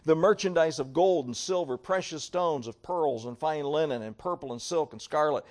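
Male pastor, middle-aged, slightly high voice, sermon delivery, rises and drops sharply for emphasis. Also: normal speed. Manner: preaching with wide swings in pitch and loudness, reading scripture aloud.

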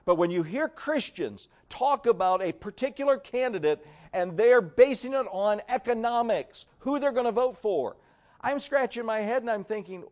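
A middle-aged male pastor preaching a sermon, reading scripture aloud with wide swings in pitch and loudness. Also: animated, normal speed.

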